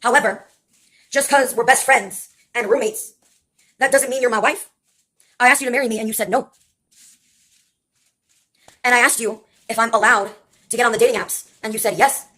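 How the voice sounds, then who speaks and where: A woman, likely in her twenties, telling wry personal stories in a rambling vlog monologue full of filler pauses. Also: on the high side, fairly even intonation, sharp tone, breathy edge. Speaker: vlogger. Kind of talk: casual storytelling monologue.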